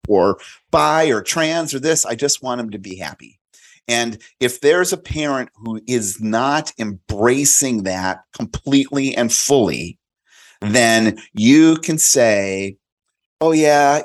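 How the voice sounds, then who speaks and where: A man in his late fifties, a podcast guest, talking earnestly in casual chat and often checking in with "right?". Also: mid-range voice. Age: 50s. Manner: earnest, repeats words, tags lines with "right?".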